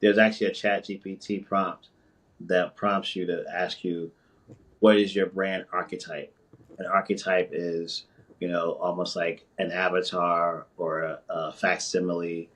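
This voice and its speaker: A man guest on a podcast, relaxed and agreeable in casual talk. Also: deep voice, a little slow, distant mic. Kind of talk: casual conversation.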